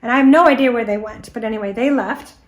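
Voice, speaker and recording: An American woman in middle age tells a story in an animated, anecdotal way, briefly acting out what people said. Her voice sits a little high for a woman. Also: quick pace. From United States. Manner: lively anecdotal storytelling, with quoted dialogue. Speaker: guest speaker on antique doll history. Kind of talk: storytelling presentation.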